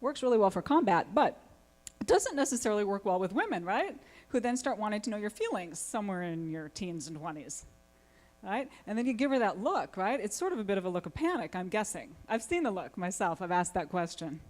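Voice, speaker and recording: A woman speaks at a conference as a family therapist, animated and conversational. She keeps throwing questions at her listeners and answering them herself. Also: mid-range voice, a little fast. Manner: animated, asks the audience many questions. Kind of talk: lively conference talk to an audience. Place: conference hall.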